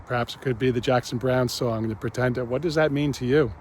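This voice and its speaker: A man hosting his own reflective spiritual vlog, speaking gently and pausing often. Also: mid-range voice, fairly even intonation, a little hiss or hum. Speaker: channel host.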